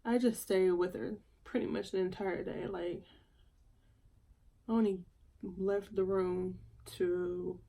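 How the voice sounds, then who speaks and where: Slow, soft-spoken grieving woman. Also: mid-range voice, flat delivery, creaky. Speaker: beauty vlogger. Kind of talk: casual get-ready-with-me chat.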